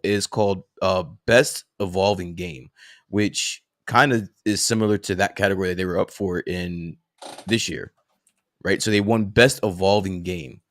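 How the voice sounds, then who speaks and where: A man's voice: sits low, fairly even intonation, normal speed, a bit bright, dry recording, clean studio sound. A man co-hosting a live stream chat, arguing bluntly and swearing often. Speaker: co-host. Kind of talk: casual chat.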